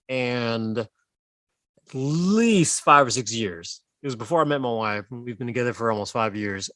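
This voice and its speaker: A man in his thirties co-hosting a comedy podcast, telling animated stories and swearing freely. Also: mid-range voice, no echo. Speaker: podcast co-host. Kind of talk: casual comedic chat.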